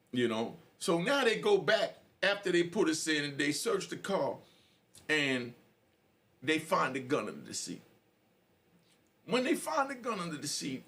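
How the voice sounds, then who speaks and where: A middle-aged man, a podcast host telling a street story in an animated, slangy way. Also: medium pitch. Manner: animated, slangy, frequent "you know".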